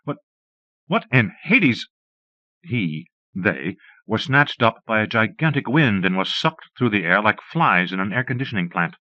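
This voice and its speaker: A man reading a horror fantasy story aloud in measured, steady narration. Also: on the low side, no echo. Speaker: audiobook reader. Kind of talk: scripted narration. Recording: muffled dry cassette recording.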